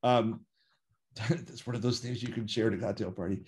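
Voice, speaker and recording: A slightly low-voiced American man spins long anecdotes as an interview guest over a video call. He wanders through his stories, breaks off with "um" and "you know", and corrects himself midway. The talk is loose and conversational. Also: steady tone, moderate pace. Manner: rambling anecdotes with many fillers and self-corrections. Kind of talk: storytelling in a conversation.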